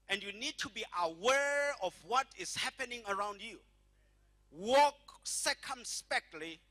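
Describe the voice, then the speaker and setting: Emphatic preacher, high bright voice. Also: male voice. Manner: emphatic preaching, slows and stretches key phrases, has congregation repeat after him. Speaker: pastor. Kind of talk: sermon.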